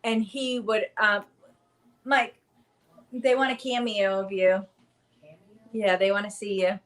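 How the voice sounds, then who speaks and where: A woman's voice: medium pitch, little pitch movement, takes it slowly, a bit bright. A woman in her thirties hosting a casual livestream, chatty and rambling, with lots of fillers. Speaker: livestream host. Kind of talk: casual live chat.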